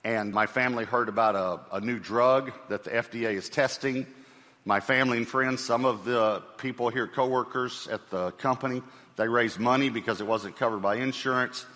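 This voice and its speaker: Male pastor, mid pitch, bright voice, conversational sermon delivery with repeated phrases, hall reverb. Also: fairly even intonation, moderate pace.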